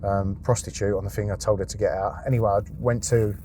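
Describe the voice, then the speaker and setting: A man's voice: fairly low pitch, fairly even intonation, fast, dark tone, a little hiss or hum. A man, a podcast guest, telling a raw personal story, swearing often and acting out his past thoughts.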